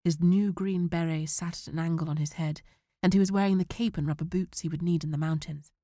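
A woman narrating a children's adventure audiobook in a measured, dramatic way. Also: on the low side, steady tone, warm tone, dry recording, clean studio sound.

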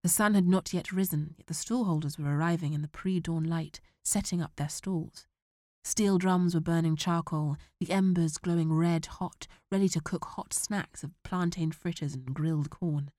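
Female audiobook narrator, measured and dramatic, lower pitch, dry close recording. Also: fairly even intonation, darkish tone, no room sound.

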